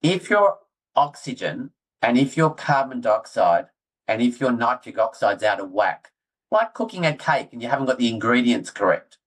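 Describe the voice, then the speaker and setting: A man's voice: mid-range voice, moderate pace, rough recording. Aussie guy, middle-aged, gets all worked up explaining stuff, pokes fun at himself. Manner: excitable, animated storyteller, self-deprecating. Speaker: guest orthodontist. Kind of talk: casual podcast interview.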